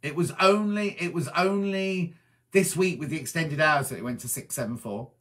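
A middle-aged man from Wiltshire in England, chatting as a presenter as he reads out viewer messages and answers each one with quick asides. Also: on the high side, fairly bright tone. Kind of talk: casual chat reading viewer comments.

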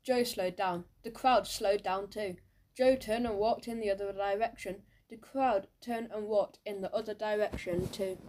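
A woman narrating a children's audiobook in a lively, playful storytelling manner. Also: medium pitch, moderate pace.

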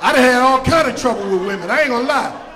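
High-pitched rowdy male stand-up comedian. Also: expressive, quick pace. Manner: loud, rowdy, shouting punchlines. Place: comedy club stage. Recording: roomy club with audience noise. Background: audience laughter and crowd noise.

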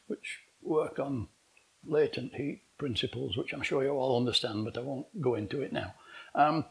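A man's voice: mid-range voice, gravelly, poor audio. A man, giving a rambling conference talk full of exasperated rhetorical questions. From England. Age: 80s. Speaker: conference speaker. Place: conference hall.

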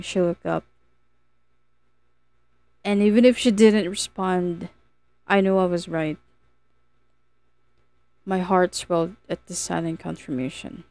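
Woman reading a novel audiobook, steady earnest narration, dry close voice. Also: fairly low pitch, unhurried, gravelly, pauses often, dry recording. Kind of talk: first-person novel narration.

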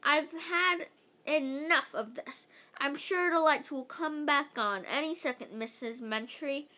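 A woman's voice: high voice, slow pace, sharp tone, voice pushed up, full character voice. A woman voicing a male school principal in a read-aloud storybook, speaking firmly and reassuringly.

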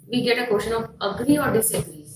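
A woman's voice: on the high side, lively intonation, fast talker, roomy sound, far from the mic, noisy background. A woman with an Indian English accent, explaining exam tips in a firm, instructive way, with frequent fillers. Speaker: IELTS teacher. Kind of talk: explanatory lesson to camera.

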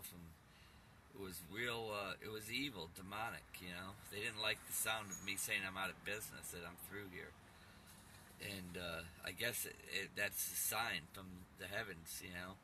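A man's voice: medium pitch, sharp tone, slight background noise. A middle-aged man giving a rambling personal testimony as a YouTube preacher, earnest and urgent, often calling his listeners "man".

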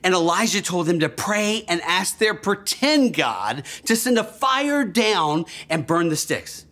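A man storyteller for young children, his pitch jumping lively all over as he tells the story with bright enthusiasm. He gasps and pulls the little listeners in, asking them to repeat words back to him. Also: unhurried. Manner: enthusiastic, gasping, leads children in call-and-response.

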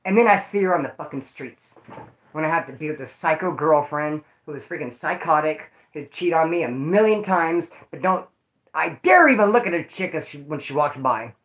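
A man's voice: a little high, animated, normal speed, fairly bright tone. Rambling, profane man telling stories. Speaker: vlogger telling prison stories. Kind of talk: casual storytelling to viewers.

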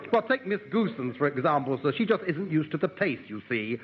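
A man's voice: fairly high pitch, sing-song, brisk, muffled recording. A man playing a bumbling, servile radio producer in a 1960s comedy sketch, who says "sir" after everything and talks in broken grammar. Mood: eager. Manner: ungrammatical, rambling. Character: bumbling eager middle-aged male radio producer. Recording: hissy old reel-to-reel radio tape.

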